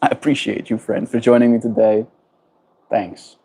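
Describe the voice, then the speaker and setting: A man with a South African accent chatting gently on a livestream, greeting viewers and laughing often. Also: mid-range voice, fairly even intonation, normal speed, vocal fry, breathy edge. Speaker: livestreamer reading chat. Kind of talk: casual livestream chat.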